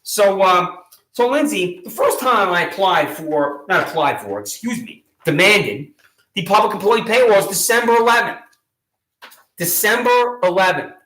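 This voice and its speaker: A man's voice: sits high, expressive, measured pace. Sarcastic, ranting man in an echoey room. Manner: sarcastic, indignant, mocking; loud rising taunts at times. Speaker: local activist vlogger. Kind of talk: ranting monologue to camera.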